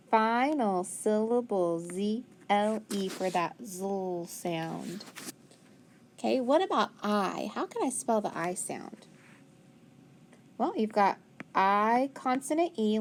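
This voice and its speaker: A woman teacher with a medium-pitched voice, recorded with a little hiss or hum, takes young pupils through a phonics lesson. She patiently asks and answers questions, praises their answers, and spells words out one letter at a time.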